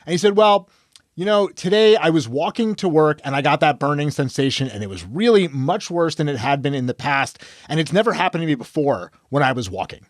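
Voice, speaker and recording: A man's voice: fairly high pitch, animated, a little fast, no room sound, clean studio sound. A man, an emergency physician, telling a case story on a medical podcast and acting out the dialogue.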